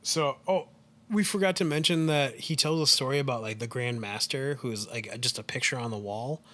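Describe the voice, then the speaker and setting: A man co-hosting a casual podcast, walking through a film plot scene by scene. He talks at a middling pitch with a bright, forceful tone. He leans on filler words and restarts as he goes. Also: normal speed. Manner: rambling, heavy use of "like" and "um". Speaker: podcast co-host.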